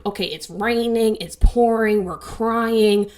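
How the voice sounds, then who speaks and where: A woman talking through a TV season in a casual review vlog, chatty and animated, acting out bits of dialogue as she goes. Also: on the high side, normal speed, hardly any pauses. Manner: chatty, animated, dramatizes with quoted voices. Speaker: TV show reviewer.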